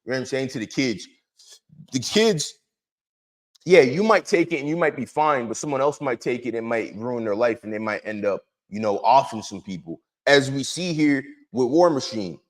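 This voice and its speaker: A man's voice: mid-range voice, brisk, few pauses. A man hosting, giving casual commentary in a loose, conversational way. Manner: conversational, lots of "you know" fillers. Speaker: host.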